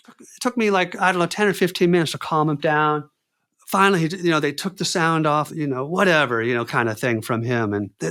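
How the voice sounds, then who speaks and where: A man telling a story as a podcast guest, acting out the people he quotes and talking casually with lots of "dude" and "man.". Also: fairly high pitch. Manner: animated, acts out quoted dialogue; says "dude" and "man" often.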